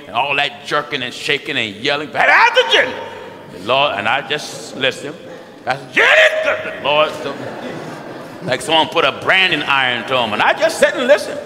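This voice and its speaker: An American man preaching a sermon in a large hall, his voice bright and ringing, with long reverb trailing each phrase. He talks in a folksy, animated way and swings his pitch widely. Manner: animated, folksy, mimics people with shouts and laughs. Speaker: pastor.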